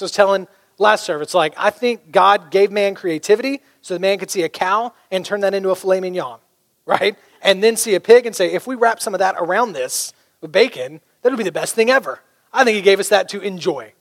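A man preaching a sermon as pastor, conversational and humorous, telling stories. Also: high voice. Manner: conversational, humorous, animated storytelling. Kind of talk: sermon with storytelling.

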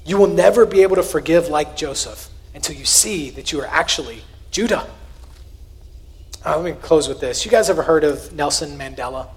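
A man, preaching a sermon in an earnest, conversational way, with emphatic rises and quiet asides. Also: fairly high pitch, a little fast. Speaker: pastor.

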